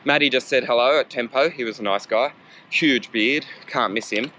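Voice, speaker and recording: A man's voice: medium pitch, normal speed, pushed and bright, low-quality recording. A man talking to a camera while cycling outdoors, chatty and rambling, with wind over the mic and music behind. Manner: chatty, rambling, self-deprecating. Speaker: cycling vlogger. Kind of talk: casual talk to camera while riding. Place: outdoors on a road bike in traffic. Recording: wind noise over a bike-mounted camera.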